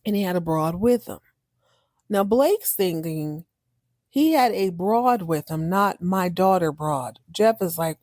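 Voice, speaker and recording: A woman's voice: mid-range voice, dry recording, studio quality. Sassy woman recapping a TV drama. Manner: animated, sassy, breaks into exaggerated voices. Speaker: podcast host recapping a TV drama. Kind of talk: casual recap commentary.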